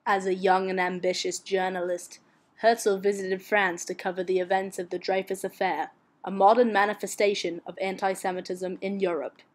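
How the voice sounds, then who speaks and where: A woman narrating a school history project in a steady, read-aloud way. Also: medium pitch, moderate pace.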